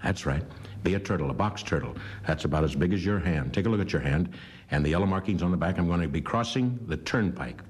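A man in his fifties rambling through a comic cheer-up message, halting with mock earnestness. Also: sits low, animated, a little mellow, slightly rough. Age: 50s. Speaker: comedian. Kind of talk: comic recorded greeting.

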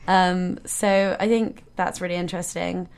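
A woman's voice: lowish voice, little pitch movement, a little slow, gravelly, a little mellow, smooth. Earnest young woman student guest. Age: young adult. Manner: earnest, enthusiastic, giggly. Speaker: first-year student guest. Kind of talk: casual radio chat. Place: radio studio.

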